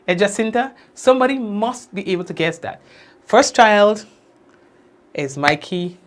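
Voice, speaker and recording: A young man hosting a casual livestream, giving warm shout-outs to commenters by name and drawn-out blessings. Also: sits high. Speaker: livestream news host. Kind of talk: casual livestream chat greeting viewers.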